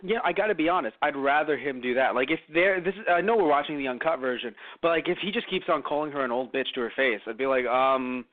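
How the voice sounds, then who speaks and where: Man co-host, animated and profane, bursts into high voices for quotes. Thin, phone-like audio. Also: fast talker, hardly any pauses, dry recording. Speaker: podcast co-host. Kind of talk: casual chat. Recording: tinny phone-like sound, dry.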